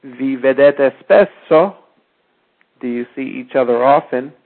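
A man teaching a spoken language lesson, repeating each example phrase slowly and now and then correcting himself. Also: medium pitch, gravelly. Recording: tinny phone-like audio.

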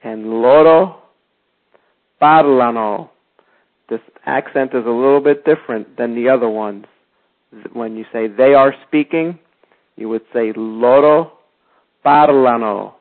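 A man's voice: mid-range voice, normal speed. A man teaching a beginner language lesson, patiently stressing each verb form as he goes. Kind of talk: slow step-by-step language lesson. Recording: tinny phone-like audio.

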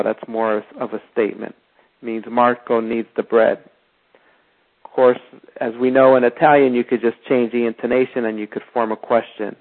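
A man teaching a recorded language lesson, speaking slowly and deliberately and repeating each example phrase. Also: medium pitch, little pitch movement. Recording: phone-like narrow sound.

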